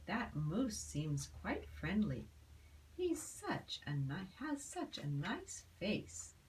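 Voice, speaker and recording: A woman's voice: fairly low pitch, huge pitch swings, slow pace, darkish tone, a little hiss or hum, full character voice. Woman doing a polite little tree spider.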